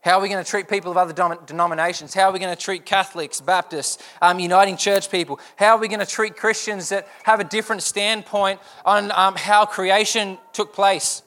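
A young man preaches a sermon, his voice pitched high and bright. He presses his point with one earnest rhetorical question after another. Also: steady tone, fairly quick, few pauses. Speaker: pastor.

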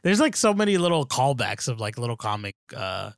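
A man's voice: mid-range voice, big pitch swings, brisk, dry recording, studio quality. A man co-hosting a podcast, chatting casually and rambling with lots of fillers, restarts and "dude.". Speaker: podcast co-host. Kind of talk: casual chat.

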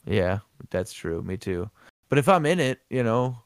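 A man's voice: mid-range voice, big pitch swings, a little slow, clean tone, dry recording, studio quality. A man co-hosting a casual podcast chat, rambling and profane, often laughing. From American Midwest. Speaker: co-host.

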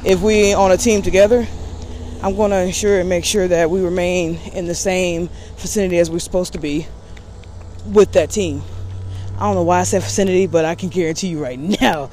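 A woman's voice: fairly low pitch, a little fast, warm tone, a little hiss or hum. A woman vlogger in casual talk to camera, candid and rambling with a sassy edge.

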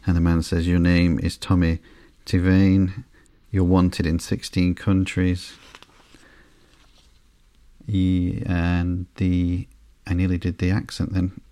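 A man hosting a sleepy podcast, reading through a comic slowly and flatly with frequent ums and uhs. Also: low voice, no room sound. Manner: slow, flat and unhurried, with frequent ums and uhs. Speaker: podcast host.

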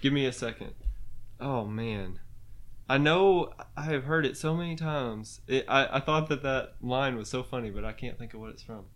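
A man hosting a podcast game, upbeat and quick to praise the guests. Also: medium pitch, a bit bright. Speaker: podcast host. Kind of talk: casual game chat.

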